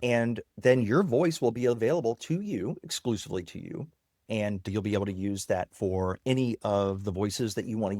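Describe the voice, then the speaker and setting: Male software founder, casual demo talk, dead-dry recording. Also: fairly low pitch, dry recording. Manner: explains while demonstrating software on screen. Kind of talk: casual interview.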